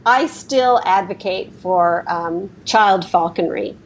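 A woman improvising an earnest, deadpan guest author in a comedy interview. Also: mid-range voice, a little slow, low-quality recording.

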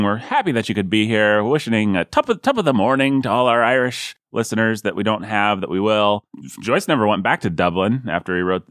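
A man's voice: no room sound, clean studio sound. A man hosting a casual podcast, joking and laughing often. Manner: jokey, animated, big pitch swings, laughs often. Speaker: podcast host. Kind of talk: casual chat.

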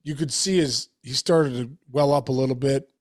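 A man co-hosting a sports podcast, speaking in a heartfelt, halting way with many restarts. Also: mid-range voice, dry recording, clean studio sound. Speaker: podcast co-host. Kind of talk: casual chat.

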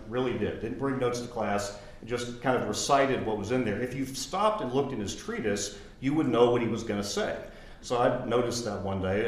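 Lawyer telling a story in a roomy hall. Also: male voice, lowish voice. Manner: conversational, animated when mimicking the professor. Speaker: lawyer giving a talk. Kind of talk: lecture with storytelling. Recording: roomy echo.

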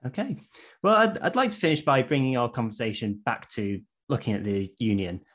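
Measured male interviewer. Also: medium pitch, expressive, a bit bright. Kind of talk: interview questions.

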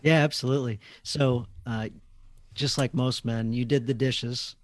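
A man hosting a podcast, telling stories in a lively, friendly conversational way. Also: medium pitch, unhurried, dry recording. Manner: lively storytelling. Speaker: podcast host. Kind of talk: casual chat.

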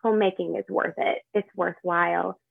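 A woman guest on a podcast, speaking in a heartfelt, gentle way, pausing to search for words, over a tinny line. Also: fairly low pitch, steady tone, creaky, slightly rough, no room sound. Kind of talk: casual interview chat. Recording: dry tinny phone line.

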